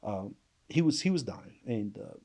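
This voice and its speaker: A man giving an emotional personal account as a panel guest, halting and subdued, with restarts and trailing pauses. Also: mid-range voice, sing-song, darkish tone. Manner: subdued, intense storytelling. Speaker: panel guest recounting survival.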